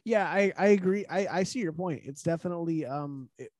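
A man's voice: fairly high pitch, fairly quick, a little mellow, dry recording. A man co-hosting a podcast, chatting casually, laughing often and steering the topics. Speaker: podcast co-host.

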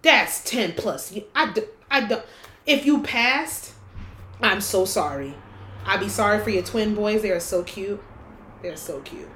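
A woman's voice: mid-range voice, animated, a little slow, a bit bright, echoey room, a little hiss or hum. A woman co-hosting a casual chat podcast, talking frankly and bluntly and swearing casually. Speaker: podcast co-host. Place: room with window open.

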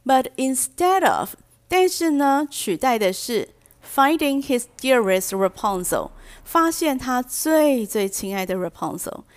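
A woman teaching vocabulary through a storybook, reading each line slowly and then translating and explaining it. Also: sits high, sing-song. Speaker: English teacher. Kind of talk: bilingual storybook lesson.

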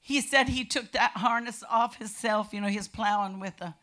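Older woman, bright tone, animated church testimony with shouted peaks. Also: a little high, moderate pace. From California. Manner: animated storytelling, bursts into shouting. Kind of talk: personal testimony.

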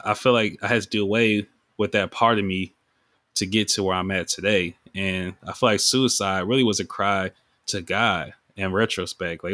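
A man's voice: low voice, fairly bright tone, no echo, clean studio sound. A man hosting his own podcast, talking in a rambling, emotional way about his music, with many fillers. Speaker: podcast host and music artist. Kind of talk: casual reflective monologue.

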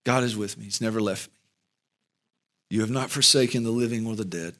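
A male pastor giving an earnest sermon and closing prayer, with slow, emphatic pauses. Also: on the low side, fairly bright tone.

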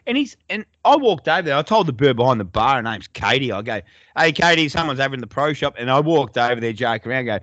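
A man's voice: mid-range voice, big pitch swings, fast talker, fairly bright tone, no room sound. A young adult man with an Australian accent, telling stories in a laid-back, sweary way as a podcast co-host. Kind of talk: casual chat.

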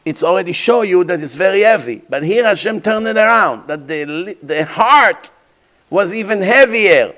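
A man's voice: high voice, animated, moderate pace, bright, forceful tone. A man preaching as a rabbi, telling stories dramatically in imperfect English and asking his listeners rhetorical questions. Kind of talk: sermon.

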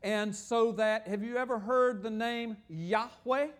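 A man with a high voice preaches to a congregation in a church hall. He explains things in a conversational way and asks for the next slide as he goes. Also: fairly even intonation, measured pace, clear, resonant tone. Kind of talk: sermon with slides.

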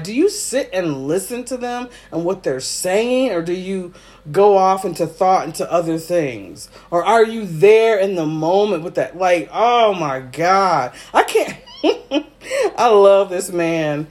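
A man's voice: high-pitched, lively intonation, normal speed, a little mellow. A man hosting a casual solo podcast, teary, emotional and effusive, with frequent ums. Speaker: podcast host.

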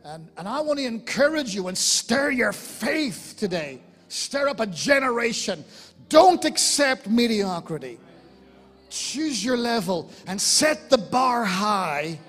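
Fervent Irish pastor preaching in a church hall. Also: male voice, high voice, expressive, a little slow, faint music behind. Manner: fervent, swings from loud exclamations to quiet soft-spoken appeals. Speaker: lead pastor. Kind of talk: sermon.

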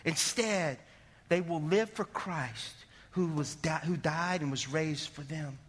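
A male pastor delivering a sermon, animated, rising to shouts and dropping low, recorded in a church sanctuary. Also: slow, husky. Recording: long hall reverb.

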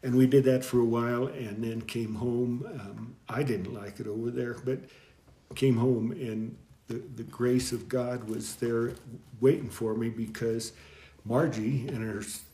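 Halting storytelling man, echoey room. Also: medium pitch, steady tone, dark tone. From American Southwest. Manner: rambling, halting, chuckles often. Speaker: guest deacon. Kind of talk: storytelling in conversation.

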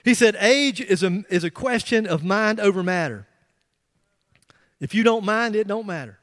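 A middle-aged man preaching a sermon in a church, telling a story with animated emphasis and frequent restarts. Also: high voice, moderate pace. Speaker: pastor. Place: church sanctuary. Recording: long reverb of a large hall.

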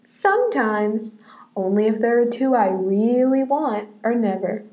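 A woman's voice: on the high side, animated, a little slow, a little mellow. A young woman co-hosting a casual chat podcast, giggly and reading quiz options aloud. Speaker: podcast co-host.

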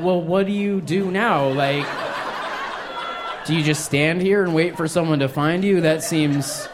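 A man in his thirties doing stand-up on a live stage mic, his voice a touch higher than most men's. He tells a self-deprecating story and keeps jumping into squeaky acted-out quotes. A faint hum runs under him. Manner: animated, self-deprecating, jumps into high-pitched acted-out quotes. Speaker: stand-up comedian. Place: comedy stage before a live audience.

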